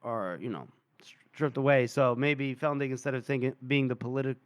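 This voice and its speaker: A man's voice: medium pitch, brisk, clear, resonant tone, dry recording, clean studio sound. A man co-hosting a casual book podcast, acting out characters' lines with lots of laughter. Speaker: podcast co-host. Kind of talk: casual book-discussion chat.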